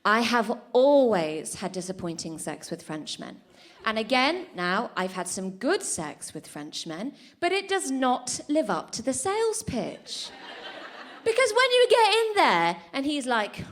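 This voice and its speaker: Lively woman doing stand-up. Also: a little high, unhurried. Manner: animated, punchy storytelling. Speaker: stand-up comedian. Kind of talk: live stand-up routine. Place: comedy club stage.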